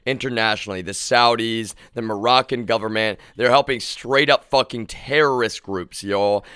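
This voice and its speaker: An agitated man rants live at his viewers, cursing freely and calling them "y'all." His voice is gravelly and tense with a crisp edge. It swings from low muttering to shouted outbursts, and the sound is dry. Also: normal speed, few pauses, no echo. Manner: agitated, profane, keeps addressing viewers as "y'all". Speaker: streamer. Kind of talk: live-stream rant.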